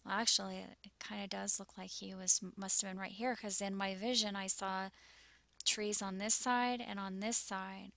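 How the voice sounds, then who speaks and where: A woman talks anxiously over a map, shaken and near tears, her words stumbling and often sinking to a whisper. Her voice is bright with a gravelly edge. The sound is dry and close. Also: mid-range voice, little pitch movement, normal speed, dry recording. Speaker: YouTuber sharing visions.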